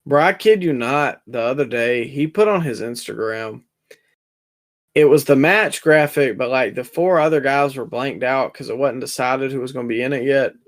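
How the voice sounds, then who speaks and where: A young man co-hosting a casual wrestling review podcast, talking in an animated, sarcastic way. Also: medium pitch, normal speed. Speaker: podcast co-host.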